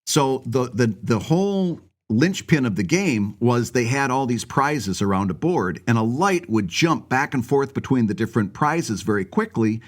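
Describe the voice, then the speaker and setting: A man's voice: mid-range voice, expressive, normal speed, hardly any pauses. A man co-hosting a podcast, chatting casually and rambling through stories with frequent laughter. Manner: rambling storyteller, laughs often. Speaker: podcast co-host.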